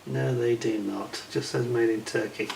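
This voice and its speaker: A man gives casual unboxing commentary on a model kit, loose and chatty, frequently muttering asides to himself. His middle-pitched voice is steady and creaky at a moderate pace, recorded in an echoey room with faint noise beneath.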